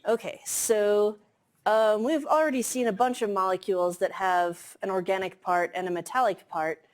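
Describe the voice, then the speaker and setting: A woman's voice: medium pitch, steady tone, normal speed. A woman giving a chemistry lecture in a classroom, explaining casually with many fillers. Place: lecture hall.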